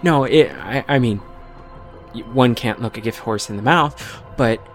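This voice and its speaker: A man's voice: medium pitch, soft background music. A man hosting a gaming podcast, reading out listener tweets in casual chat with many fillers and restarts. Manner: halting, full of fillers and restarts. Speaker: podcast host.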